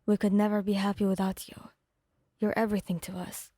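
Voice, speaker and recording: A woman voicing a gentle, caring young man in an ASMR fanfic reading, speaking softly with concern. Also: medium pitch, flat delivery, fairly quick, dry recording, clean studio sound, natural voice. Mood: tender.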